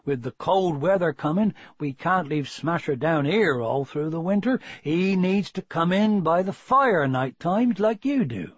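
Man doing a farmer, older, gruff but kind, slow homely drawl, husky, dry dull recording. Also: fairly high pitch, expressive, no echo. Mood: kindly.

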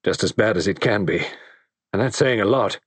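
Brief: male narrator as a fretful, anxious young husband in a storybook, low and dry. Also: normal speed, husky, no echo. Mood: worried. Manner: nervous, reassuring himself. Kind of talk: audiobook character voice.

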